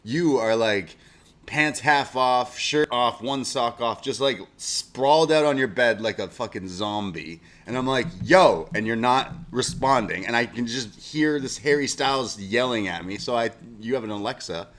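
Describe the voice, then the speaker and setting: A man's voice: mid-range voice, expressive, normal speed, fairly bright tone. A man co-hosting a podcast, telling rambling stories in a casual chat, swearing and laughing as he goes. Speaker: podcast co-host.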